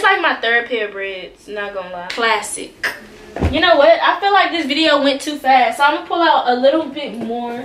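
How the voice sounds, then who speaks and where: High-voiced young woman vlogging casually. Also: echoey room, a little hiss or hum. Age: young adult. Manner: slangy, animated, profane, talks straight to viewers. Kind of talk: casual shoe collection vlog. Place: bedroom with shoes behind her.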